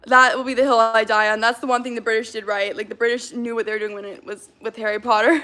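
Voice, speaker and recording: A young woman livestreaming, chatting fast and reading out comments from her chat. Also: fairly high pitch, level tone, sharp tone. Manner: chatty, hyper, reacts to comments, fillers of like.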